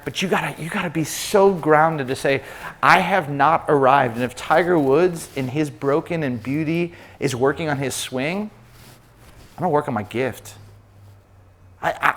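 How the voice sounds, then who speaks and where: A man with a slightly higher voice delivers a sermon built on personal stories. He is animated and acts out the other people in them. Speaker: pastor. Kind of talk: preaching to pastors with personal stories.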